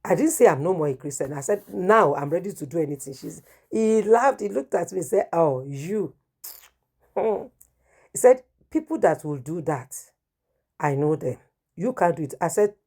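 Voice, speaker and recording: Middle-aged woman, lower voice, emotional storytelling preacher. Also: warm tone. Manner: storytelling, acts out dialogue, emotional. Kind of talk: testimony sermon.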